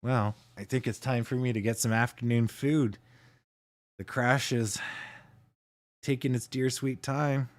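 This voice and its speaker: A man from Canada hosting a casual livestream, chatting with his viewers in a relaxed way and chuckling often. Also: medium pitch, unhurried, pauses often. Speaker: livestream host.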